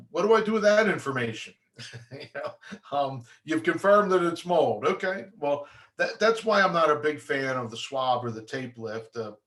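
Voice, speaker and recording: A man's voice: mid-range voice, fairly bright tone. A man talks through mold testing as an inspector, conversational and practical. His delivery is loose, with frequent fillers and restarts. He slips into short mimicked replies from the lab as he goes. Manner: acts out lab replies in quick asides.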